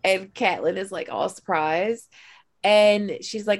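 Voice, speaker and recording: A woman's voice: medium pitch, unhurried, vocal fry, no echo. A woman co-hosting a podcast who chats casually about a fantasy novel and reads passages aloud, with many fillers. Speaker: podcast co-host. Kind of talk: casual book discussion and reading aloud.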